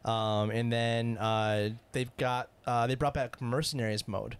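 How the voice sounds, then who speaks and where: A man's voice: mid-range voice, little pitch movement, measured pace, clear, resonant tone. A man in casual podcast chat, upbeat and explanatory, with frequent "um" and "uh" fillers. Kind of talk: casual chat reviewing a video game.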